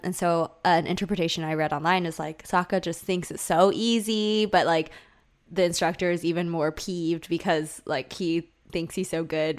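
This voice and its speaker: A chatty woman with a somewhat low voice co-hosts a casual podcast. She shares fun facts and trivia about a cartoon episode and giggles now and then. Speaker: podcast co-host.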